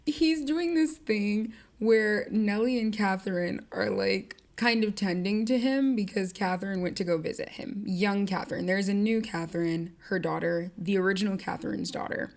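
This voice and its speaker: Chatty young woman podcast host. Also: mid-range voice. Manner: chatty and animated, many "like" fillers, casual swearing. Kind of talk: casual book-and-film chat. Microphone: camera-recorded podcast.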